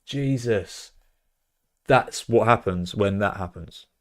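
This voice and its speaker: A young British man chatting casually on a live stream, reacting loudly to results and bursting into cheers and swearing. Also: on the low side, slow pace. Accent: British English. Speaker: streamer hosting a fantasy football stream. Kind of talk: casual live-stream chat, reading out chat messages.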